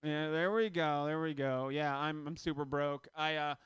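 A man in his thirties doing a loose stand-up set on a club stage, with shouted punchlines. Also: a little high, steady tone, normal speed, smooth, no room sound. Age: 30s. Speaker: stand-up comedian.

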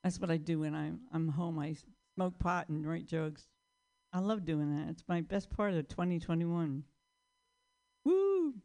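A woman's voice: low-pitched, fairly even intonation, normal speed, creaky, dark tone. A woman doing a stand-up comedy set on stage, rambling through self-deprecating jokes. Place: stage before a live audience.

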